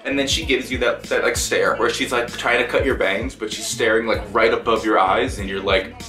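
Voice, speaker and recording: A man's voice: mid-range voice, fairly even intonation, brisk, bright, forceful tone. A man giving a profane, exasperated comedic rant as a gaming video maker, acting out both sides of the story. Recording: roomy echo, distant mic, faint music.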